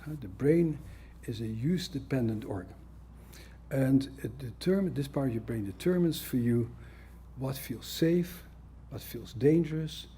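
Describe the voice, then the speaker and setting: A man's voice: medium pitch, gravelly, dark tone, slight background noise. A man giving a conference lecture as a psychiatrist, blunt and conversational with a wry humor.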